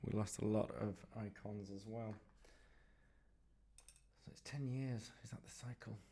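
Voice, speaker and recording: Male livestream art host, gravelly voice, rambling and self-mocking, casual painting chatter. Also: on the low side, steady tone, unhurried, dark tone, a little hiss or hum. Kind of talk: casual live commentary while painting.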